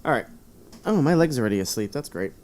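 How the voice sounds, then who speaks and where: A man's voice: mid-range voice, big pitch swings, quick pace, darkish tone, a little hiss or hum. A man streaming live, reading a choose-your-own-adventure book aloud with rambling, self-mocking asides.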